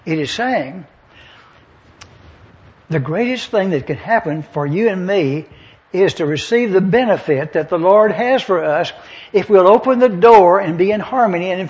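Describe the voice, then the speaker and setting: High-voiced preacher teaching a sermon. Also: male voice, muffled recording. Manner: animated teaching, explaining Greek words to a congregation. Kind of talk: expository sermon. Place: church.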